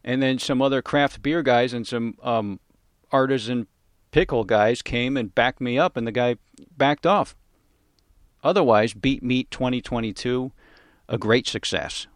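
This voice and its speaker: An older man hosting a comedy podcast, talking in a rambling, halting monologue full of fillers and restarts. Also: mid-range voice, no echo, studio quality. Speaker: podcast host.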